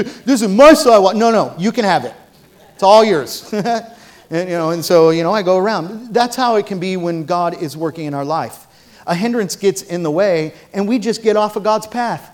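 A man preaching a sermon from a church platform, telling funny stories and then rising to loud, emphatic preaching. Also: high voice. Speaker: pastor.

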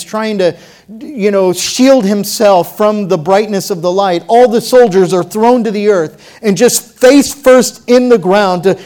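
Guy preaching a sermon, fairly high voice, keeps asking the crowd questions. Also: darkish tone. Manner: preaching with rising intensity, rhetorical questions. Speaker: pastor.

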